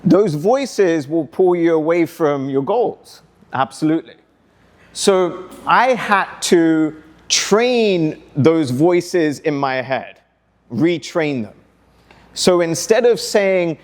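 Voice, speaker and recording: A man speaking as a motivational speaker to students, energetic, coaxing the audience with questions and call-and-response. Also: a little high, takes it slowly. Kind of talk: interactive talk to students. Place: school hall.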